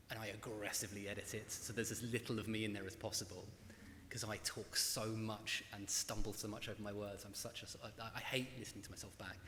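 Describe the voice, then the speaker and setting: A British man, a guest historian, talking on stage at a live event in a quick, self-deprecating, animated way. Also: lowish voice, a little hiss or hum. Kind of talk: on-stage conversation. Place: large hall at a live event. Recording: roomy hall with long reverb and faint ambience.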